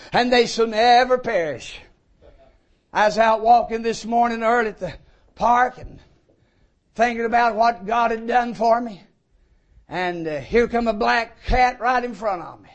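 Man, preacher, very high voice, slow delivery, fervent sermon with shouted praise. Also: lo-fi sound.

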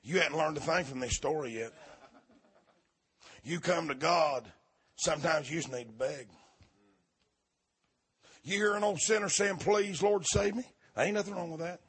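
A man preaching a fervent sermon, often breaking into shouts. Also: fairly high pitch, breathy edge.

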